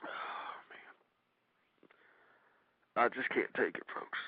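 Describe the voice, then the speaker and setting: A man's voice: slow, no echo, narrow, tinny audio. A male talk radio host ranting in distress, groaning and moaning between his complaints. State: distressed and pained.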